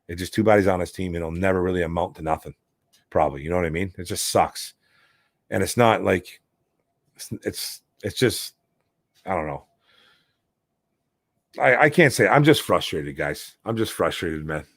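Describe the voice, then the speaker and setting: Michigan sports talk host, frustrated rambling delivery, dry close sound. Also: male voice, low-pitched, normal speed, long pauses, fairly bright tone, no room sound. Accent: Detroit, Michigan. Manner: frustrated, rambling, calls listeners bro and man. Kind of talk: casual sports talk, reading chat questions.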